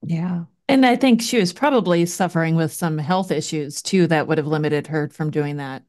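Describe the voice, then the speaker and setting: A woman hosting a history podcast, with a voice pitched on the low side. She listens closely, drops quick agreeing replies, and asks measured, thoughtful questions. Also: darkish tone. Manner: attentive, short backchannel replies, measured questions. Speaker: podcast host. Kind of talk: casual podcast interview.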